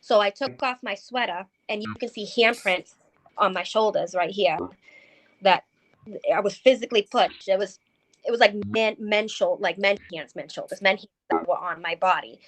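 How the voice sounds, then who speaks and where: A woman with a medium-pitched, slightly bright voice, speaking at normal speed, appears as a paranormal investigator guest recounting a ghost story in conversation. She's hesitant, full of ums and restarts.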